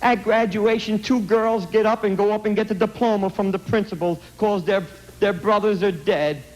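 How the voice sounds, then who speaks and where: Middle-aged man, blunt, emphatic speaker; high-pitched, acts out the people in his stories. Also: steady tone, moderate pace, darkish tone, rough recording. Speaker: anti-drug speaker. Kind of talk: impassioned storytelling speech.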